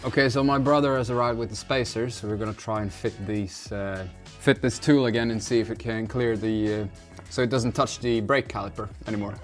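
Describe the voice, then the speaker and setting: A man's voice: fairly low pitch, fairly even intonation, a little fast, few pauses, soft background music. Man muttering under a car. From Sweden. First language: Swedish. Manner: mutters to himself, swearing, grunting with effort. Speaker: car-project vlogger. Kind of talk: casual self-talk while working.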